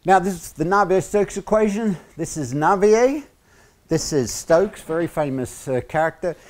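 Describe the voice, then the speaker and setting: Australian man lecturing, halting and wry. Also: high voice, lively intonation. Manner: halting, many "uh" fillers, joking asides. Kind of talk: university lecture.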